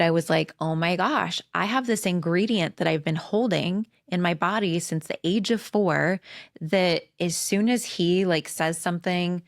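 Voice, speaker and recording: A woman's voice: on the low side, dry recording, studio quality. A woman in her forties hosting a podcast, talking frankly and casually with lots of "like" and some swearing, acting out quoted conversations. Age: 40s. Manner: candid and profane, fillers of "like", animated re-enacting of quotes. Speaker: podcast host. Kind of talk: casual spiritual self-help monologue.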